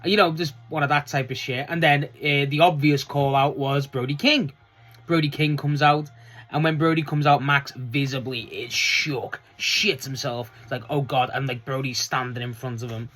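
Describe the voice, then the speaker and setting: Reviewing last night's wrestling show in a loose solo vlog, this fan talks at a moderate pace, swears freely and laughs often. His voice leaps up high whenever he gets excited.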